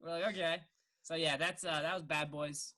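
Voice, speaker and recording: On a casual movie podcast, a young male co-host talks at a moderate pace with a steady tone, his bright, forward voice sitting on the high side. He wanders through his points, swears liberally and breaks into over-the-top voices to play out the scenes.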